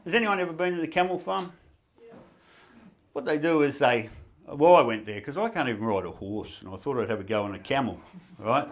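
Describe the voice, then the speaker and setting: A man's voice: medium pitch, lively intonation, a little fast, long pauses. An Australian man doing a stand-up comedy routine, reeling off puns and laughing at his own jokes.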